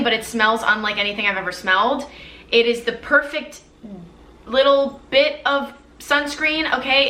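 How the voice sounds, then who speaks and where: A woman's voice: medium pitch, bright, forceful tone, reverberant. A young woman reviewing perfumes in a casual, effusive and playful way, with dramatic gushing. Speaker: beauty vlogger.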